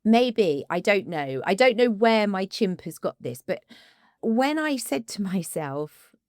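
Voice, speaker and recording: A woman, an ADHD coach co-hosting a podcast, talking casually and with emotion, often halting and restarting. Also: medium pitch, sing-song, no room sound, clean studio sound.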